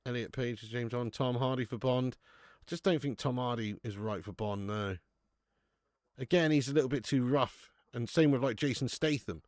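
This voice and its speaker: A man's voice: mid-range voice, normal speed, darkish tone, no echo, clean studio sound. A young man hosting a football watch-along stream, chatting casually with viewers and swearing freely. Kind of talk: casual live-stream chat and match commentary.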